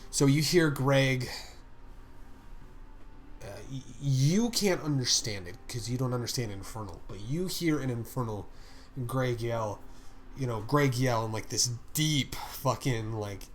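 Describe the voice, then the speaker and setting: A man's voice: medium pitch, a little slow, slight background noise. A man running a tabletop game as game master, casual and rambling, swearing often.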